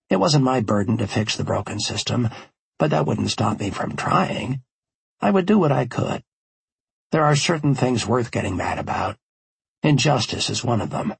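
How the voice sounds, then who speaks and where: A man narrating an audiobook in the first person, wry and measured, recorded in a studio. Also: mid-range voice, expressive, vocal fry, breathy edge, dry recording. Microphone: studio microphone.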